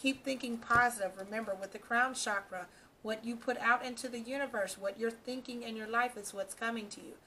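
A woman's voice: on the high side, steady tone, a little fast, bright, forceful tone, slight background noise. A woman doing a casual tarot reading for her channel, talking straight to the viewer and reassuring them, often checking in with "okay" and "all right". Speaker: tarot reader.

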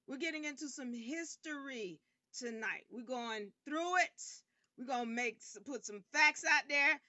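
A woman hosting an online game show livestream. She talks emphatically and sometimes bursts out loudly. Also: on the high side, no room sound, lo-fi sound. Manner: animated and emphatic, bursts into loud outbursts. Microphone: camera rig.

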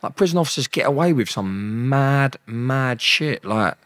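A man's voice: mid-range voice, animated, measured pace, fairly bright tone, no echo, clean studio sound. A man with a London accent, a guest telling stories in an interview, blunt and slangy, swearing often and acting out what people said. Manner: blunt, slangy, swears a lot, acts out dialogue. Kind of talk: storytelling in an interview.

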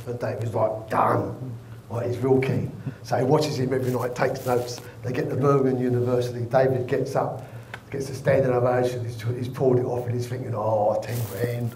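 A man, a guest comedian telling jokes in a lively, loud storytelling manner. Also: medium pitch, moderate pace, roomy sound, a little hiss or hum, rough recording. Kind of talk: joke telling.

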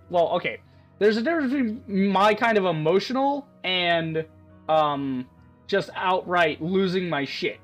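A young man gushing and rambling through let's-play commentary of a game, swearing often. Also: high voice. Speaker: gaming YouTuber.

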